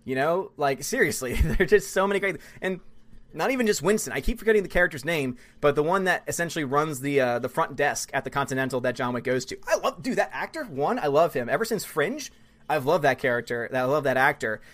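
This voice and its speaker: A man hosting a live stream, reading viewer comments aloud and chatting about films in a fast, gushing, excitable way. He is a student who also does musical theater. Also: a little high. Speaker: livestream host reading chat. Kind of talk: casual live-stream chat.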